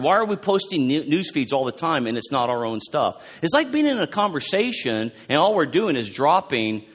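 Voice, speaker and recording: A male pastor giving a fervent sermon, preaching loudly at close to a yell. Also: medium pitch. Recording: long hall reverb.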